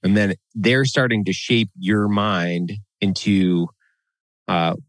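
A man talking bluntly and with a lot of swearing in a casual podcast chat, getting animated when he rants. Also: on the low side, slow, no echo.

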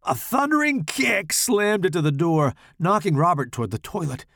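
A man reading a horror story aloud in a dramatic, expressive way. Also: high voice, moderate pace, creaky, no room sound, studio quality. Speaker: author and podcast host.

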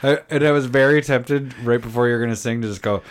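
A man with a middle-pitched voice, cohosting a podcast in easygoing chat. He rambles, teases his partner and breaks into laughter all the time. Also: quick pace. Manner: teasing, laughs a lot, rambling.

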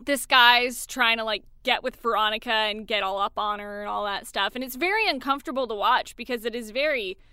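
A young woman co-hosting a casual movie chat, chatty and animated, swearing casually as she retells scenes. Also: on the high side, fairly quick, hardly any pauses, clear, resonant tone, no echo, studio quality. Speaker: podcast co-host.

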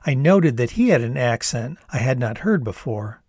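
A man's voice: mid-range voice, big pitch swings, normal speed, darkish tone, slightly rough, no echo, clean studio sound. A man in his sixties from the United States, reading his own novel aloud in a wry, conversational storytelling manner. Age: 60s. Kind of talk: storytelling narration.

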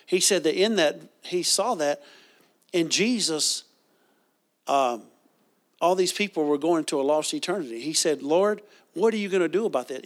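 A man preaching a sermon, reading scripture and leading the congregation in call-and-response. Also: a little high.

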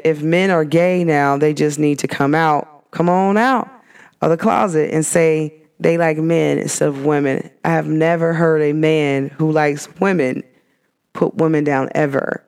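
A woman's voice: low-pitched, smooth. A woman hosting a podcast, venting in a casual monologue and retelling arguments with quoted back-and-forth. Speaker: podcast host.

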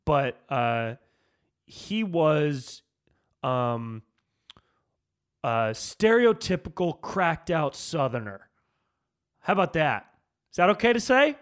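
A slightly high-pitched man rants on his podcast, loose and profane, calling everyone "dude". He drops into mumbled asides, then fires back up with comic outrage. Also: very animated, slow, pauses often, smooth. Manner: loose and profane, peppered with "dude", jumps between mumbling and fired-up. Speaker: comedian and podcast host. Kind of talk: casual ranting monologue.

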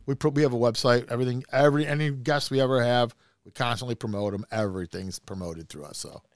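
A man hosting a casual interview show, asking loose, quick questions with restarts. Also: mid-range voice, no echo, studio quality. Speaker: podcast host.

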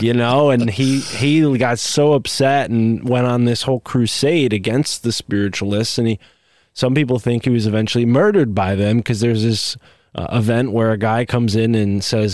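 A man's voice: fairly low pitch, fairly even intonation, normal speed, darkish tone, no room sound, clean studio sound. A man hosting a podcast, chatting casually and rambling through tangents with many asides. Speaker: podcast host. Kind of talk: casual conversation.

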